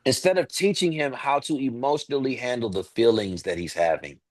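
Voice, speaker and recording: A man's voice: mid-range voice, brisk, no room sound. A man in his thirties, earnest and emphatic, talking as a podcast co-host. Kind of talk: casual podcast talk.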